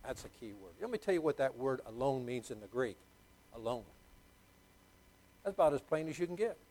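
A middle-aged pastor with a medium-pitched, darkish voice preaches very animatedly and fairly quickly. His sermon is emphatic and repetitive as he repeats key words and quizzes the congregation, all on a low-quality recording.

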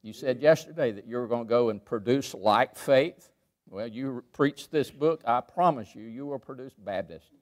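A man preaching a sermon in a church, emphatic, rising to loud peaks and dropping to quiet asides. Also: medium pitch, moderate pace. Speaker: pastor. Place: church sanctuary.

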